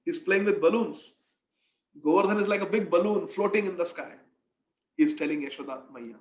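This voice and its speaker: High-voiced man telling a devotional story. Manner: earnest, expressive, slow-paced storytelling. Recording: echoey room, dull lo-fi sound.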